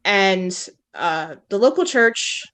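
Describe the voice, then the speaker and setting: A woman with a mid-pitched voice tells a story in a casual podcast chat. She hesitates and restarts often. Her tone stays matter-of-fact. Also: lively intonation, slow, fairly bright tone.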